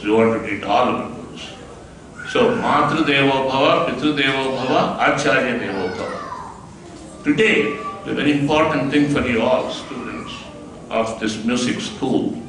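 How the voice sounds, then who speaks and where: Man speaking in an echoey hall. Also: mid-range voice. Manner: measured, earnest, explanatory. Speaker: guest of honor speaker. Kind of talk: formal speech at a school event. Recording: echoey hall from far off, noisy.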